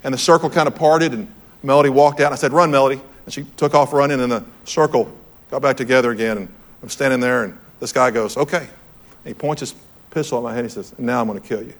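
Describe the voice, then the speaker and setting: A man's voice: medium pitch, quick pace. A man preaching to a room, telling a personal story in an earnest, storytelling way and repeating his key phrases. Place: church hall with audience.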